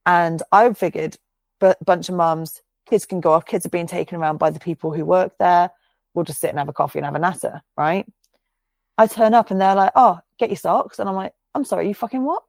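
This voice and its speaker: Sweary, laughing woman with gravelly voice. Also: lowish voice, fairly quick, no room sound. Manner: swears freely, laughs often, animated storytelling. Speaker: podcast co-host. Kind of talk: casual chat.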